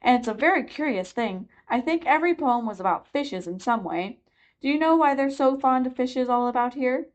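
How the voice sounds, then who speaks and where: A woman's voice: high voice, animated, normal speed, voice pushed up. A woman voicing a polite, slightly anxious young girl in a storybook reading. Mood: earnest. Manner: polite, earnest.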